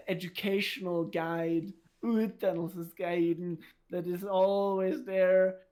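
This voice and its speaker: A woman's voice: fairly low pitch, warm tone. A woman in casual podcast talk, venting her frustration with a lot of swearing. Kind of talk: casual chat.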